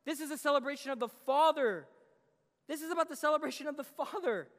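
A man preaching a sermon as a guest preacher, animated, acting out the father's lines in the story. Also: very high-pitched, fast. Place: church sanctuary. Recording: long reverb of a church hall.

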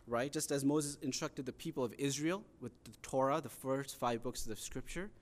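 Guy preaching, earnest and chatty, middle pitched voice, pushes harder on the big points. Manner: earnest, conversational teaching with rising emphasis on pleas. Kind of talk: sermon.

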